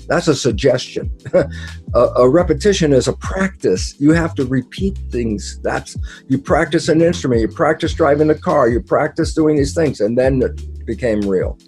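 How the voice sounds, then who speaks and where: Male interview guest with a mellow, mid-pitched voice. Lively storyteller who acts out his own quotes, over faint background music. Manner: emphatic and repetitive, with occasional laughs and mild swearing. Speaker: guest speaker, biologist. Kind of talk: conversational explanation in an interview.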